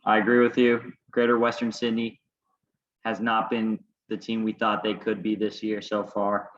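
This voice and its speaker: A man's voice: on the low side, monotone, normal speed. A man co-hosting a casual sports podcast, making confident picks and teasing his co-host. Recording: echoey lo-fi home recording.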